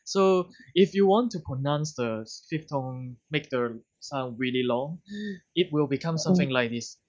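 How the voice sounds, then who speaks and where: A man's voice: mid-range voice, measured pace, a little mellow. Hong Kong-accented male tutor, patient, demonstrative, slightly dull audio. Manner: patient, demonstrates tones by repeating sounds. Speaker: language teacher. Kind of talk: online lesson.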